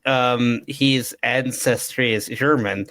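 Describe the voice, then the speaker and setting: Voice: mid-range voice, fairly even intonation, takes it slowly, fairly bright tone. A podcast host interviewing guests, eagerly asking curious follow-up questions.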